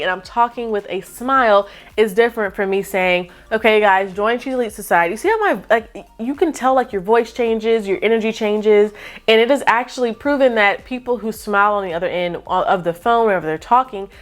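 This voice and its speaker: A woman giving casual tips straight to camera in her room, chatty, upbeat and animated, calling her viewers y'all. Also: mid-range voice, brisk. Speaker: YouTube coach.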